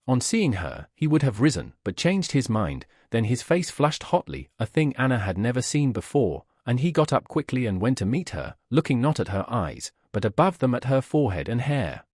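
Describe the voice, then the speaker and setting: A man narrating a classic novel as an audiobook in a measured storytelling manner. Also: medium pitch, sing-song, darkish tone, breathy edge, no room sound, studio quality. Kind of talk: scripted narration.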